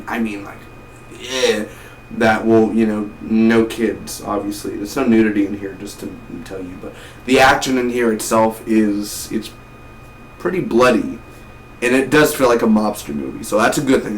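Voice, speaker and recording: Faint noise hums under a movie reviewer who talks casually and enthusiastically about a film. His pitch is ordinary and mid-range, he rambles and repeats words, and he's a distance from the mic in a roomy space.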